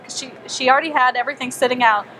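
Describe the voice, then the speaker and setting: A young woman telling a personal story to a small group, animated and chatty, acting out her own thoughts and saying "like" a lot. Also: high voice, very fast, very noisy. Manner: animated, acts out her own inner voice, frequent "like". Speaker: wellness speaker. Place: small meeting room with a group.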